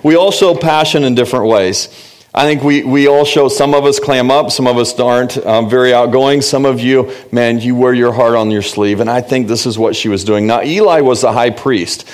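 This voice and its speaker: An earnest male pastor delivers a sermon in a mid-range voice at a normal speed. His preaching feels conversational and is sprinkled with rhetorical questions.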